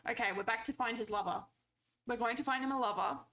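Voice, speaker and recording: A woman's voice: on the high side, quick pace, bright, forceful tone. A woman streamer chatting playfully through her gameplay, talking to the characters on screen and swearing casually.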